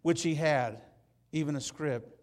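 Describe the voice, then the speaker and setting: A man preaching a sermon, telling the story with animated, acted-out scenes that swing from loud to hushed. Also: a little high, measured pace.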